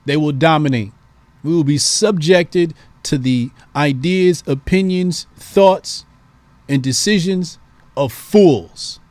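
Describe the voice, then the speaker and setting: A man's voice: on the high side, takes it slowly, a little mellow, no room sound. A man hosting a call-in show, giving emphatic, preachy political commentary and repeating points for stress.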